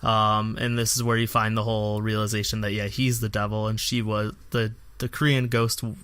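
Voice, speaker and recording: A man's voice: on the low side, little pitch movement, brisk, fairly bright tone, clean tone, no echo. A man in a casual podcast chat, walking through a film's plot in long, filler-heavy stretches. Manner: rambling plot recap full of fillers. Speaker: podcast co-host. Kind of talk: casual movie review chat.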